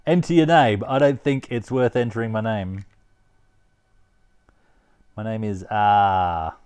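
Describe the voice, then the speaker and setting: A man giving casual, excitable commentary while playing a retro game, laughing often and talking to himself. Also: on the low side, takes it slowly, smooth. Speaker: retro gaming vlogger.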